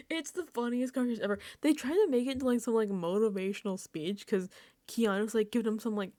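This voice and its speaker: A woman's voice: a little high, fairly quick, darkish tone, no room sound. A woman giving casual, rambling recap commentary on a reality show, exasperated and swearing freely.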